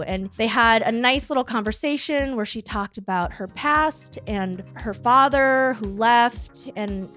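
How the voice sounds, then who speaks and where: A woman's voice: on the high side, a little slow, few pauses, a bit bright, soft background music. A young woman hosting a recap show, chatting casually and animatedly, often slipping into playful quoted voices. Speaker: podcast host recapping a reality show.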